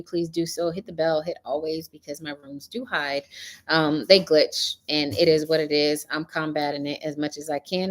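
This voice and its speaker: A middle-aged woman hosting a casual spiritual talk, telling stories with animation and a preachy edge. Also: lowish voice. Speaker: host.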